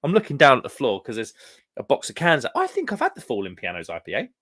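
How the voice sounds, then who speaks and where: A man's voice: medium pitch, wildly swooping pitch, fast talker, a bit bright. A young man from the UK hosting a live stream, chatting casually with viewers in a rambling way full of fillers. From United Kingdom. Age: young adult.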